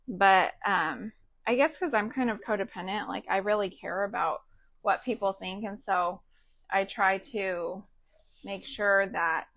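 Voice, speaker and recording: Crafting live for her audience, this Texan woman in roughly her thirties rambles in a casual, filler-heavy way. Her medium-pitched voice sounds pushed and bright, captured with no room sound on dull audio.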